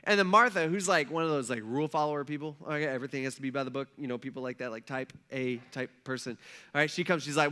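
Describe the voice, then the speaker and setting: A man's voice: mid-range voice, fast, pushed and bright, clean tone. A man preaching a sermon as pastor, retelling a Bible story in a casual, conversational way and acting out what the people said.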